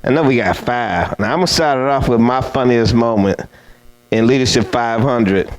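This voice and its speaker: A man's voice: mid-range voice, normal speed, rough recording. A man emceeing an awards dinner, telling a funny story to the audience in a playful, teasing, chatty way.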